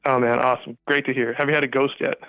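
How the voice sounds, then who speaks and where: Friendly, halting male caller on a dull, dry call line; smooth voice. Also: mid-range voice, level tone, fairly bright tone, no echo. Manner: friendly, hesitant, lots of fillers. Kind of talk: casual phone chat.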